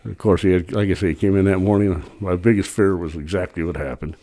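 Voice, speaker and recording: A man's voice: low voice, steady tone, quick pace, dark tone. A man guest on a podcast telling a long, rambling workplace story in a plain-spoken, casual way. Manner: rambling, plain-spoken, acts out his own quotes. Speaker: cemetery worker.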